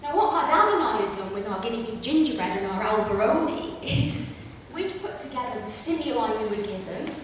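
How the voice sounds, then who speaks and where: A woman delivers a stand-up comedy lecture in a chatty, brash way, tossing in quick asides. Her voice sits a little high. It is captured from a distance, with long reverb and faint room ambience. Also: expressive, slight background noise. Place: theatre stage before a live audience. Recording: echoey hall recorded from afar.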